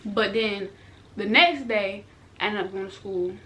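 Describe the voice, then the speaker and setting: Addressing her audience directly, a young woman rattles off a personal storytime vlog in a quick, slang-heavy, chatty way. The voice sits mid-range with a sharp edge, over a faint hiss or hum.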